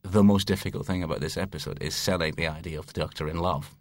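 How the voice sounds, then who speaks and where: A man's voice: sits low, fairly even intonation, quick pace, dry recording. A man chatting in a casual commentary, rambling with restarts and chuckling as he talks. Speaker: episode writer on a commentary track.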